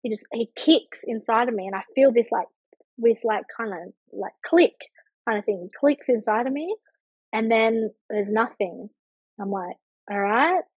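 A slightly high-voiced woman in her thirties recounts a personal story as a podcast guest, animated and full of fillers, often acting out what she thought at the time. Her voice has a husky, breathy edge, and the recording is dry and close. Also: normal speed, no echo, low-quality recording. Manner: animated, vivid retelling with many fillers and acted-out thoughts. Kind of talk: personal storytelling in a casual chat.

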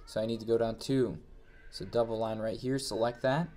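A man reading each step of a software exercise aloud, then thinking aloud as he walks through it on screen. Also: lowish voice, fairly even intonation, normal speed. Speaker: instructor. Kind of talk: screen-recorded software tutorial.

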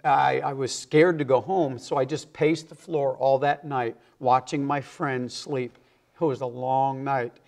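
A man's voice: mid-range voice, fairly even intonation, a little slow, gravelly, darkish tone. A man, an evangelist and guest on a TV interview, telling his personal testimony earnestly and acting out the people in his story. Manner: earnest storyteller who acts out the quoted voices.

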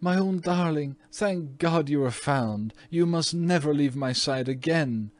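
A man's voice: a little high, measured pace, darkish tone, voice pushed up, close to an everyday voice. A man voicing a loving, anxious mother who murmurs tenderly to her child, in a storybook reading.

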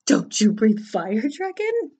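A woman's voice: on the high side, huge pitch swings, takes it slowly, darkish tone, husky, full character voice. A woman voicing a thin, skinny, timid young male knight who stammers nervously.

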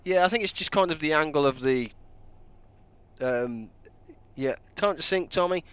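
A man's voice: a little high, moderate pace, smooth. Man streaming a game, lo-fi mic. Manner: thinks aloud, joking and self-mocking. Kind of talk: live gameplay commentary.

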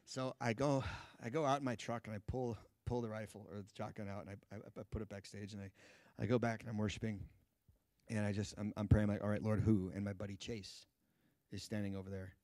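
A man's voice: fairly low pitch, level tone, brisk, a little mellow, no room sound. A man in his thirties, a guest Bible teacher, telling a personal story in a sermon and acting out the dialogue. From United States.

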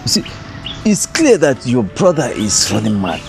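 An actor with a Nigerian accent playing a father who calms his upset daughter in a film drama. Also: medium pitch, normal speed, gravelly, music in the background. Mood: soothing. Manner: soothing, rambling. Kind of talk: film acting.

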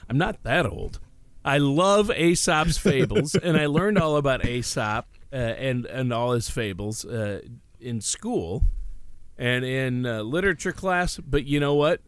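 A man's voice: medium pitch, measured pace, clear, resonant tone, no room sound. Easygoing male radio co-host. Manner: easygoing, hesitant with many fillers. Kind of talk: casual chat.

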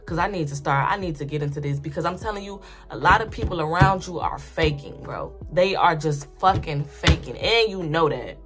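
A woman's voice: low-pitched, expressive, moderate pace, over music. A woman vlogger giving spiritual commentary in a blunt, profane, emphatic rant that repeats points over and over. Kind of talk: ranting casual commentary.

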